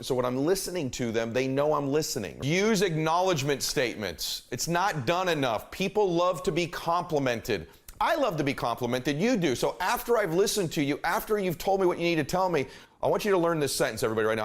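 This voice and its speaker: A man's voice: fairly high pitch, animated, brisk. A middle-aged man giving an earnest motivational talk, emphatic and fond of repeating key phrases. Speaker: motivational speaker.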